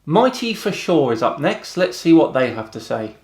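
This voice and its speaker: A British man hosting a video, reading out rude comments and answering them with dry, deadpan mockery. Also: on the high side, moderate pace, few pauses, echoey room. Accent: British English. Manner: dry, mocking, deadpan retorts. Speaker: host.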